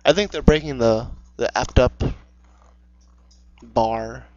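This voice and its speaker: A man co-hosting with sarcastic, casual commentary, swinging from mumbles to loud outbursts. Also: medium pitch, slow, no room sound. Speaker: co-host. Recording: dull lo-fi recording.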